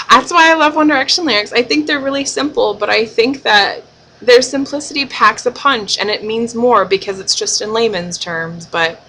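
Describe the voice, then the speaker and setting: A woman's voice: a little high, moderate pace, pushed and bright, low-quality recording. A young woman vlogger, emotional and gushing, swearing for emphasis as she breaks down song lyrics in casual talk.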